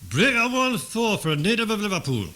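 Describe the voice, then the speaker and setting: A man's voice: high voice, sing-song, a little fast, pushed and bright, a little hiss or hum, exaggerated voice. An actor playing a Geordie father asking for directions over CB radio in concise radio jargon, with a Geordie accent. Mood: courteous. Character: Geordie father lost driving, polite CB user.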